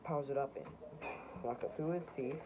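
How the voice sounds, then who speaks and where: A man's voice: medium pitch, a little fast. A young man casually walking through his own comics, rambling and poking fun at them. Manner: rambling, self-mocking, chuckling. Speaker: amateur comic artist. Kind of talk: casual show-and-tell narration. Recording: noisy home recording.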